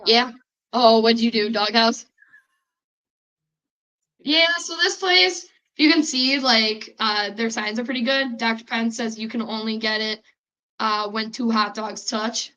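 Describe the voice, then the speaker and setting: A young woman with a Chicago accent hosts a laid-back quiz on a podcast. Her voice sits a little high and sounds sharp and bright. She rambles in a chatty way, full of "uh" and "like" and restarted sentences. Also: fairly even intonation, measured pace, low-quality recording. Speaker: podcast host running a quiz. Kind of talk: casual chat.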